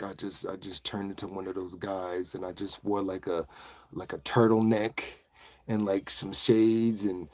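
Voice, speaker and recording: A man voicing a smooth, deep-voiced seducer in a slow, low croon. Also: darkish tone.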